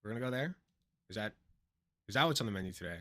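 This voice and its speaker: A man co-hosts a stream, brash and crude as he mocks. He talks fast in a bright, sharp voice that leaps around in pitch. The sound is dry and close. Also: lively intonation, dry recording. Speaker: stream co-host. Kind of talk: reaction stream commentary.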